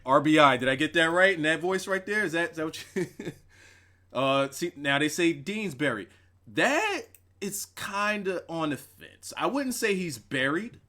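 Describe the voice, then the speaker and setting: A young man hosting a casual, profane, animated wrestling review livestream, repeating himself for emphasis. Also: a little high. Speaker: wrestling show reviewer, host.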